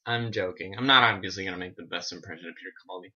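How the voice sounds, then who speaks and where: A man recording a casual storytelling vlog at home, rambling and animated, with many restarts and asides. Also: sits low, very fast, slightly rough, highs cut off. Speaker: vlogger.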